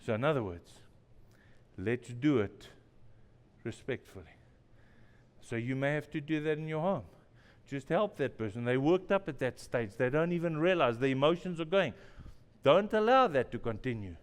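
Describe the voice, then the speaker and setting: A man's voice: mid-range voice, animated, normal speed, long pauses, clear, resonant tone, big-room sound. A male pastor preaching a sermon in a church, telling stories with self-deprecating humor and repeating phrases for emphasis. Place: church sanctuary.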